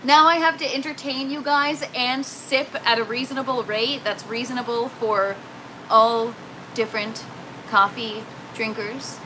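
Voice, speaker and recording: A woman's voice: a little high, fairly even intonation, a little slow, noisy background. A young woman hosting a casual livestream, chatty and laughing often as she greets viewers by name from an indoor grow tent. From Canada. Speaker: livestream host.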